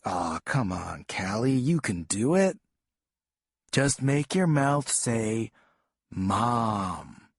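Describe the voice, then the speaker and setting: A man voicing an abusive, short-tempered father who coaxes and threatens in a lower, quieter voice. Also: lively intonation, very slow, slightly rough, no room sound, clean studio sound, exaggerated voice. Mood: coaxing. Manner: coaxing then harsh and menacing.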